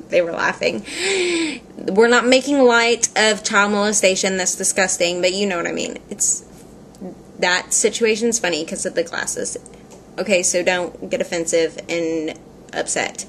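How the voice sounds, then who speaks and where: A woman's voice: medium pitch, fairly even intonation, a little slow, a bit bright, a little hiss or hum. A woman vlogging in a chatty, rambling way, laughing often and filling her speech with "like" as she tells a story. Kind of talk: casual storytelling vlog.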